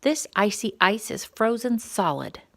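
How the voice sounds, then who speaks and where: A woman reading a children's storybook, voicing a cheerful, bossy female groundhog in a bright, brisk way. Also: mid-range voice, lively intonation, creaky. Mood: chirpy.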